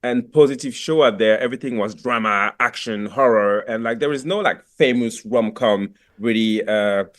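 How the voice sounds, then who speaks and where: A man's voice: mid-range voice, moderate pace, few pauses. A young man from France with a French accent, a guest actor talking over a video call in a radio interview, thoughtful and full of fillers and restarts.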